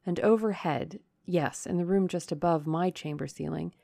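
A woman reading a classic novel aloud as an audiobook narrator, measured and dramatic. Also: fairly low pitch, creaky, mellow, no echo, clean studio sound.

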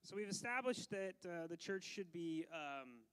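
A man preaching a sermon as pastor, animated, switching between loud emphasis and quiet asides, with frequent laughs between phrases. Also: high-pitched, unhurried, clear, resonant tone, poor audio.

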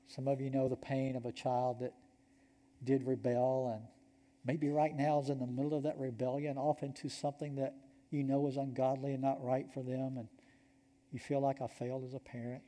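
Earnest and warm, this Georgia-born preacher with a Southern accent tells his sermon story at an ordinary pace, his medium pitch barely shifting. He sinks to a gentle hush for the points that count, and the sanctuary's long reverb hangs after each line.

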